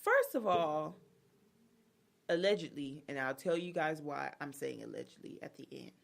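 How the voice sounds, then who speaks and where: A woman tells a juicy story on a chat show and puts on everyone's voices as she goes. Her pitch jumps all over the place. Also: normal speed, vocal fry. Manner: animated storytelling, acting out people's lines. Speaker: podcast co-host. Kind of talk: casual gossip chat.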